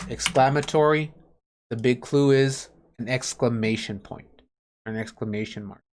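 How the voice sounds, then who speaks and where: A man teaching an online class on a video call, patiently explaining grammar with everyday examples. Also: mid-range voice.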